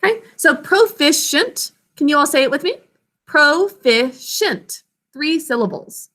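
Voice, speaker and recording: Young teacher lady walking kids through spelling, sounds out each syllable slowly, high voice. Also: animated, fairly bright tone. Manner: clear, slow enunciation of words and sounds. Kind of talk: classroom spelling lesson.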